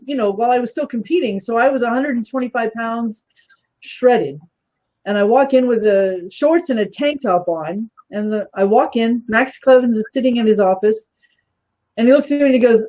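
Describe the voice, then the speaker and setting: A woman's voice: a little high, moderate pace, warm tone, highs cut off. A woman guest telling a story in casual talk, animatedly acting out the voices of the people she quotes.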